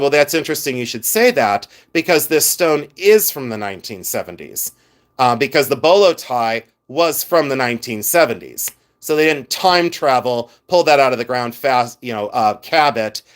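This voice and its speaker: This is a middle-aged man hosting a live stream, his medium-pitched voice rambling animatedly with plenty of asides as he chats with viewers and displays jewelry.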